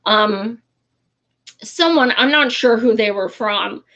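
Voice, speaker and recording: A woman's voice: a little high, takes it slowly, fairly bright tone, dull audio. A woman giving casual, frustrated political commentary in a vlog, blunt and swearing freely, with many fillers.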